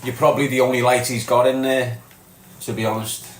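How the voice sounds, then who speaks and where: A man's voice: mid-range voice, little pitch movement, a little fast, a little hiss or hum. Scouse man chatting to his viewers. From Liverpool. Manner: blunt, calls everyone lad and mate. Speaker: live stream host reading chat. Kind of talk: casual live chat.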